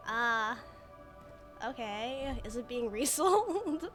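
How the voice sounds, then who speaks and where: A young woman giggles and chats as she streams a game, reading the dialogue aloud and musing about it. Her voice sits a little high and sounds casual and playful. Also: expressive, normal speed, over music. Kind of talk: gameplay commentary.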